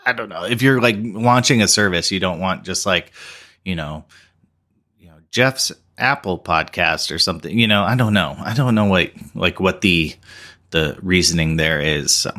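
A man's voice: low-pitched, normal speed, pushed and bright. A man co-hosting a podcast in casual chat, playful and rambling, with lots of fillers and restarts. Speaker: podcast co-host.

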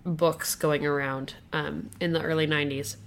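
A woman's voice: sits low, little pitch movement, normal speed, creaky, a little hiss or hum. A woman co-hosting a podcast in casual comedic chat, improvising a story with hesitant fillers. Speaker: podcast co-host.

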